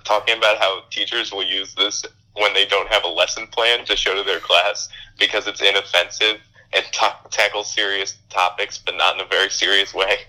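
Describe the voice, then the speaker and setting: A man's voice: deep voice, flat delivery, moderate pace, few pauses, bright, forceful tone, low-quality recording. A young man co-hosting a podcast, chatting casually with dry sarcasm. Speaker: podcast co-host. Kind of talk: casual film review chat.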